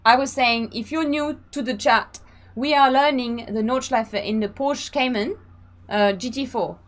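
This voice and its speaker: A woman's voice: on the high side, a little slow. Chatty woman streamer. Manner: chatty, laughs often, reads out chat. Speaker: streamer and sim racing host. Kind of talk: casual live stream chat.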